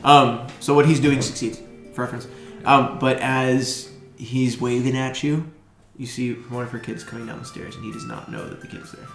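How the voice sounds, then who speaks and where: A man narrating as game master, animated and laughing often. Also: mid-range voice, normal speed, gravelly, roomy sound, over music.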